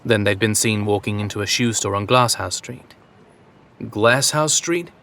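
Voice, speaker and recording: A man reading a story aloud in a steady, measured narration. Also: on the low side, a little hiss or hum. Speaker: audiobook narrator. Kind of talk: scripted narration.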